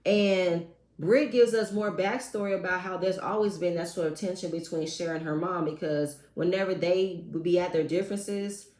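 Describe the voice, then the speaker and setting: Woman, reality TV recap vlogger, sassy and expressive, casual slang, mid-pitched voice, echoey room.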